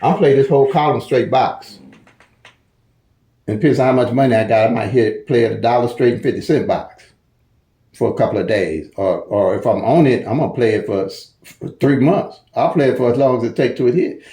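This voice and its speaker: A man's voice: mid-range voice, fairly quick, warm tone, roomy sound. A man with a St. Louis accent explains a lottery number system in a casual, folksy way, repeating himself and stumbling over restarts. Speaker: lottery strategy channel host. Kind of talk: casual tutorial talk.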